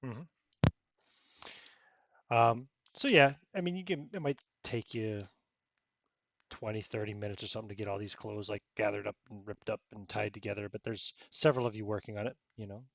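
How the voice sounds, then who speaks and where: A man's voice: fairly low pitch, moderate pace, creaky, a bit bright, no room sound. A man running a tabletop role-playing game, narrating in a casual, laid-back way and laughing often. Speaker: game master.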